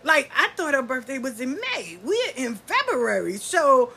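A husky older woman talks casually about her grandkids, blunt and a bit profane. She laughs a lot as she goes, and her voice sits a little high for a woman. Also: big pitch swings, a little slow, pushed and bright. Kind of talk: casual storytelling.

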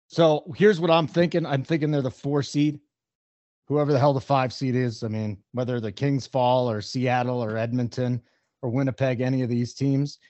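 A man hosting a casual sports talk show, opinionated and brisk as he weighs odds and teams. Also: mid-range voice, steady tone, a little mellow, no room sound. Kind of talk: casual sports radio chat.

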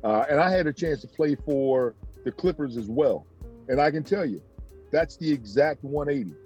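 A man, a former pro basketball player, telling stories in a casual interview, animated and jumping up in pitch when he acts out other people. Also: normal speed, highs cut off, soft background music.

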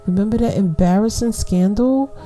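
A woman's voice: medium pitch, normal speed, dark tone, faint music behind. A middle-aged woman hosting a podcast, giving casual, slangy advice and laughing often as she talks. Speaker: podcast host.

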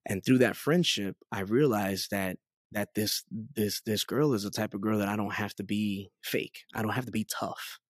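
A man's voice: on the low side, normal speed, slightly rough, dry recording, studio quality. A man in his thirties telling his life story as a guest in a casual interview, chatty, with lots of fillers and acted-out quotes. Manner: chatty, many fillers, lively quoted dialogue. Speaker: guest giving testimony.

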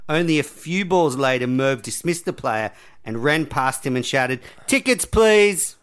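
A man's voice: medium pitch, normal speed, fairly bright tone, smooth. Jokey man hosting a quiz. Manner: jokey, reads quiz questions aloud. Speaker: podcast host. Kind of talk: casual podcast quiz hosting.

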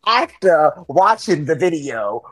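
A man's voice: a little high, big pitch swings, slow, a bit bright, husky, dry recording. A man co-hosting a podcast in casual chat, giggly and laid-back. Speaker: podcast co-host.

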